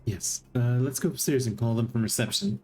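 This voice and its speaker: A streamer voicing a measured, careful man who keeps the keys at a resort, in a game read-aloud. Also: mid-range voice, mellow, faint music behind, lightly acted. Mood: cautious. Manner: measured and cautious.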